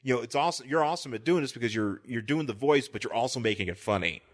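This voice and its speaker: A man's voice: medium pitch, lively intonation, racing. A man co-hosting a casual podcast chat, rambling, swearing freely and stopping to search for names. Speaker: podcast co-host.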